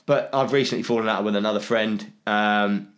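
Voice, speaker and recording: A man's voice: on the low side, fairly even intonation, a little fast, fairly bright tone. A man in his thirties, a guest talking frankly in a casual conversation, with many fillers and restarts. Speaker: podcast guest, bereaved father and teacher.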